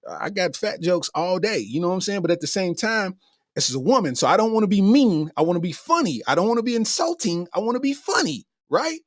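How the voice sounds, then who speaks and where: Animated man telling a story. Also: high voice, brisk, no echo, studio quality. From Kentucky. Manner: animated, acts out his own reactions. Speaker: comedian host. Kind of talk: casual storytelling.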